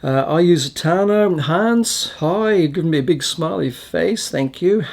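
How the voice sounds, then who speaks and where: A man's voice: a little high, expressive, a little slow, vocal fry, a little mellow. A man with an Australian accent hosting a casual food taste-test vlog, chatty and rambling with frequent ums and restarts. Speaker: food reviewer and channel host.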